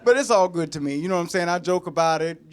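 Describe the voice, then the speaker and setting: A man doing a loose, profane stand-up comedy set on stage, breaking into sudden high sung bits. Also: fast. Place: comedy stage before a live studio audience. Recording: laughing live audience. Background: crowd laughter.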